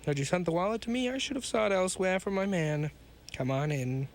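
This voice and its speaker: A man's voice: high-pitched, animated, fairly quick, pitched above the performer's own voice. A man voicing a sinister hunchbacked male mad scientist in a read-aloud pulp story, with a grandiose, ranting manner.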